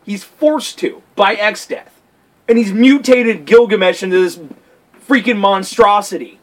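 A man's voice: high-pitched, a little slow, poor audio. A man on a casual podcast, telling stories animatedly and with lots of swearing, acting out what people say. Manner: profane, animated storytelling with acted-out quotes. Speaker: podcast co-host. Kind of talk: casual chat.

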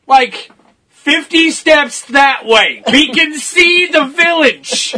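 A man chimes in with wisecracks during a casual chat. His voice is very high and piercingly bright. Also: expressive, takes it slowly.

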